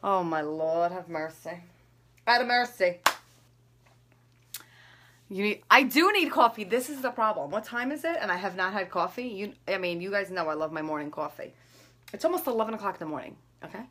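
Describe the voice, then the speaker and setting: A woman's voice: medium pitch, animated, a little fast, bright, forceful tone, slight background noise. A woman in her thirties chatting casually through her skincare and makeup routine, rambling and laughing at herself. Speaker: beauty vlogger.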